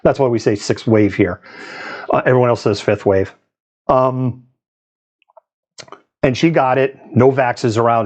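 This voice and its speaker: A man's voice: medium pitch, darkish tone. A man from the US East Coast hosting a live news stream, talking in a chatty, digressive way and laughing often. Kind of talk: casual live-stream commentary.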